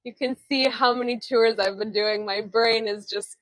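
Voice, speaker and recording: A woman's voice: on the high side, fairly even intonation, normal speed, fairly bright tone, no echo, low-quality recording. A woman guiding a live virtual walking tour outdoors, talking into a phone camera in a chatty, friendly way with many fillers and restarts, often laughing at herself. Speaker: tour guide. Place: outdoors on town streets.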